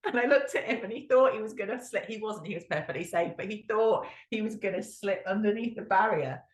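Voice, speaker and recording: A woman co-hosting a casual podcast chat, recounting a story with giggles and lots of "um" and "like". Her voice is of medium pitch and has a roomy echo. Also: brisk. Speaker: podcast co-host.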